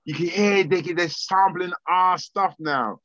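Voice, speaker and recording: A man, a podcast guest telling lively stories, swearing freely and acting out old conversations. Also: sits high, measured pace, dry recording. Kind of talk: animated storytelling interview. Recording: dry, slightly dull podcast audio.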